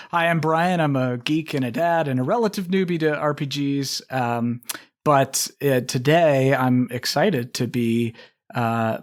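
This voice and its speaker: A man talking about his tabletop game on a podcast in a friendly, relaxed way. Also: mid-range voice. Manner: friendly, relaxed, mildly dramatic when reading. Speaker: podcast guest and game designer. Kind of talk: casual chat and reading an intro aloud.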